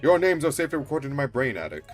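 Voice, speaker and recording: A man's voice: mid-range voice, big pitch swings, rapid-fire, soft background music, lightly acted. Man doing a pompous detective. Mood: grandiose. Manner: grandiose, theatrical, stumbling on big words. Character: pompous eccentric male British detective.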